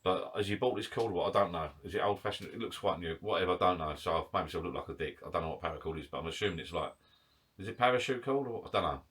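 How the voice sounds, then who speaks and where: A man's voice: low voice, racing, a bit bright, husky. A man chatting casually to camera in his garden shed bar, rambling, self-mocking and a little out of breath. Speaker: vlogger.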